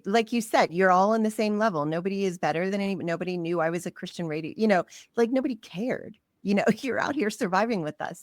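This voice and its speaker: A woman's voice: lowish voice, no echo, clean studio sound. A woman co-hosting a podcast, asking questions and chiming in with easy agreement. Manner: warm, affirming interviewer with frequent agreement. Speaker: podcast co-host. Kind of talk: casual chat.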